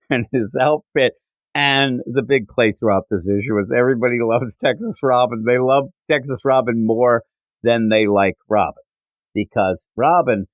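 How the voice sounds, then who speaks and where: A man hosting a podcast, casually recapping a comic book issue in an animated way with frequent fillers. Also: medium pitch, dry recording, rough recording. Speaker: podcast host.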